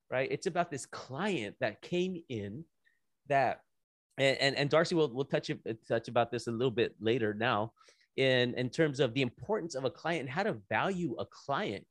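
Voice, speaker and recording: A man hosting a casual conversation, animated, with frequent restarts and repeated words as he talks through ideas. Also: mid-range voice, no echo, clean studio sound.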